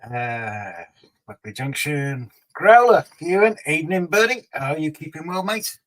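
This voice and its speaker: A man's voice: fairly high pitch, animated, a little slow, fairly bright tone, low-quality recording. A man hosting a casual livestream, reading out viewer comments and teasing them in a chatty way. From Scotland. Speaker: livestream host.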